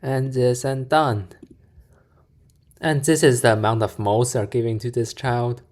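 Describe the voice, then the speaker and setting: A man's voice: mid-range voice, level tone, unhurried, a little mellow. Man explaining step by step. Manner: explains calculations step by step, muttering to himself. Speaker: video reactor. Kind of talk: casual reaction commentary.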